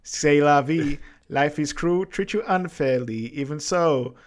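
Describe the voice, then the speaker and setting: A man's voice: a little high, slow. A man co-hosting a movie podcast, laughing easily and quoting scenes. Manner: laughs easily, quotes scenes in put-on voices. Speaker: podcast co-host. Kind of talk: casual movie recap chat.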